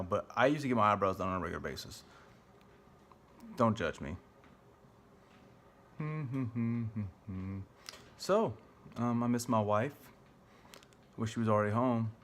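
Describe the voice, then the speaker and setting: A man's voice: lowish voice, fairly bright tone. A young man chatting playfully while he cooks a stew in his home kitchen, humming little sound effects as he goes. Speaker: home cook vlogger. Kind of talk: casual cooking vlog.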